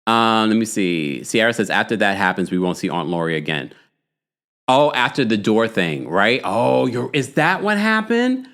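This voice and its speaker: A man's voice: on the low side, normal speed. A man hosting a live reality TV recap stream, chatting casually and reading out viewer comments. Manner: chatty and animated, with frequent fillers and asides to viewers. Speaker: host of a reality TV recap livestream.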